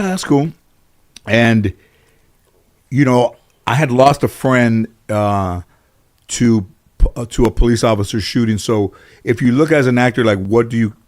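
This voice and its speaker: A man in a casual interview, telling long anecdotes full of fillers and restarts, and acting out the people he quotes. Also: mid-range voice. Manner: rambling, filler-heavy, animated when quoting others. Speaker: interview guest.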